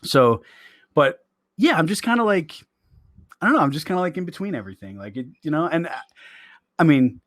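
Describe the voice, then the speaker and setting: A man's voice: fairly high pitch, big pitch swings, fairly quick, pauses often, fairly bright tone, no room sound, studio quality. A man born in New England and raised in the South, with a slight Southern twang, co-hosting a jokey casual chat and laughing often. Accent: mild mixed US accent with a slight Southern twang. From born in Rhode Island, raised in the US South. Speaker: podcast co-host.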